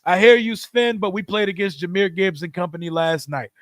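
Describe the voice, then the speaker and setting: High-voiced hyped young man streaming live. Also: a little fast, dry recording, clean studio sound. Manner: hyped, talkative, loud swings between shouting and mumbling. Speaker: streamer hosting a live watch party. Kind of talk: live sports reaction stream, reading chat.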